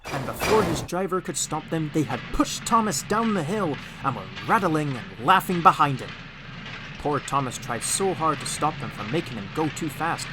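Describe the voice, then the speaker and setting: A man narrating a storybook audiobook with expressive, animated storytelling. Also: a little high, normal speed, music in the background.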